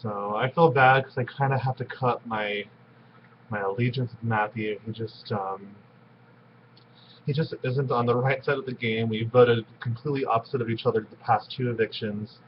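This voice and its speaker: A man's voice: mid-range voice, fairly even intonation, moderate pace, muffled recording, a little hiss or hum. A man recording a blunt, slangy confessional about cutting ties with another player. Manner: blunt, dismissive, casual slang. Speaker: contestant in an online game.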